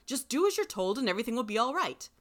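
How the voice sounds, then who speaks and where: A woman's voice: a little high, very animated, fast talker, voice pushed up. A woman reading aloud, voicing a bossy, domineering young man who talks firmly. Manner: firm, commanding. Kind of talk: audiobook reading.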